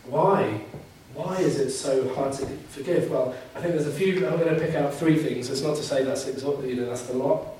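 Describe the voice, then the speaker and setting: A man's voice: mid-range voice, normal speed, hardly any pauses, warm tone. A man preaching a sermon, earnest and emphatic, driving home key phrases by repeating them. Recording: very echoey room, mic at a distance.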